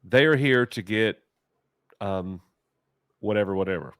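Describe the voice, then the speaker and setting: A man co-hosting a casual review chat, animated and mocking, with exaggerated reactions. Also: fairly low pitch, a little slow, smooth, no room sound, clean studio sound. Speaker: co-host of a TV review show.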